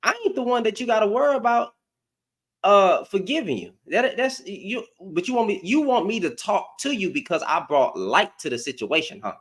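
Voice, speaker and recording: A man hosting a livestream with a high, lively voice that swings all over. He talks heatedly and confrontationally, firing questions back at people. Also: moderate pace. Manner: confrontational, animated. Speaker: livestream host.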